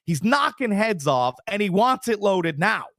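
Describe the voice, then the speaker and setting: A man co-hosting a sports betting podcast, talking casually with big exaggerations and quick impressions. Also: high voice, no echo, clean studio sound. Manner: animated, hyperbolic, jumps into little impressions. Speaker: podcast co-host.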